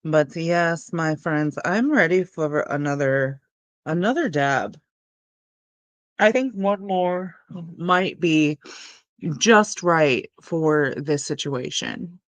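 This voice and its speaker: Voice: medium pitch, takes it slowly, a bit bright, no echo. A young adult hosting a casual livestream, chatting in a laid-back, rambling way. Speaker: cannabis livestream host.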